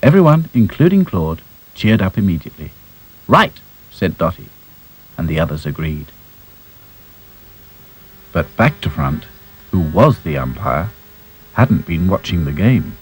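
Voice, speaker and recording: A man narrating a children's story in a gentle, unhurried way. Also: sits low, big pitch swings, husky, poor audio.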